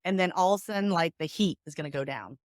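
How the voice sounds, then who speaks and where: A woman's voice: on the low side, fast talker, dry recording, studio quality. A woman mediator and negotiation coach talking in a podcast interview, acting out sample exchanges as she explains. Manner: animated, acts out example dialogues.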